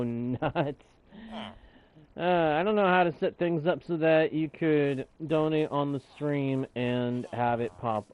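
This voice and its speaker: A man with a mid-range voice hosts a live game stream, chatting and joking casually with both his viewers and the game. The sound is phone quality.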